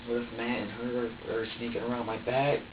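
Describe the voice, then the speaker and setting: A man under police questioning who recounts events haltingly, repeating himself and swearing. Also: mid-range voice, flat delivery, background noise. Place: police interrogation room. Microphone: distant room camera mic. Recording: dull, echoey room audio from far off.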